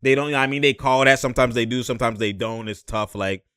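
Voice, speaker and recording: Young guy hyped up breaking down hoops clips, bright forceful voice, dry close mic, laughs a lot. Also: medium pitch, quick pace, clean tone, no room sound. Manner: animated, laughs often, slangy, mimics players. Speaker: sports commentator reacting to game footage. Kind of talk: excited play-by-play reaction commentary.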